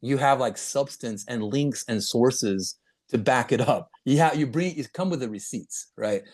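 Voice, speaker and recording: A man hosting a casual interview, talking in a halting way with many restarts and quick laughs. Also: medium pitch, darkish tone. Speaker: podcast host.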